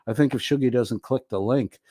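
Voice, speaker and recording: A man's voice: mid-range voice, brisk, warm tone, no room sound. Male streamer, casual chat reader, crude and laughing, dry close-mic sound. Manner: crude, laughing, reads viewer comments aloud. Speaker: livestream host reading chat. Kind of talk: casual livestream chat reading.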